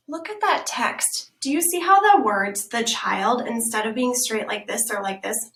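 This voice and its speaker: A woman teacher reads a picture book to children, slow and emphatic, often sinking into whispers. Her voice is bright and a little high. The room adds a clear echo. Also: lively intonation. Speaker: teacher reading aloud. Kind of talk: children's read-aloud lesson. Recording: echoey room.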